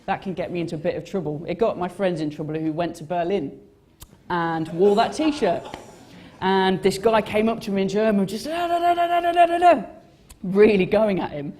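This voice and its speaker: A man's voice: high voice, fairly even intonation, moderate pace, darkish tone, a little hiss or hum. Young man, designer, live talk, rambling, self-deprecating, lots of ums and restarts. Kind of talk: casual conference talk. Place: on stage at a live event.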